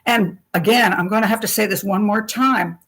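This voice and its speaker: An older woman hosting a live question-and-answer stream, telling a story in a chatty, animated way and acting out the quotes. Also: mid-range voice, normal speed, poor audio. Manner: chatty and animated, acts out quotes, laughs often.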